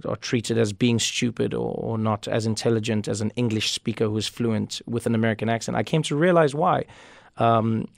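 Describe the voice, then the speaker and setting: A man from Africa, a comedian giving thoughtful, animated interview answers in his thirties. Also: medium pitch, gravelly, dry recording, studio quality. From South Africa. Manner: thoughtful, animated, frequent restarts. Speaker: comedian and talk show host as guest. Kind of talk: reflective conversational interview answers.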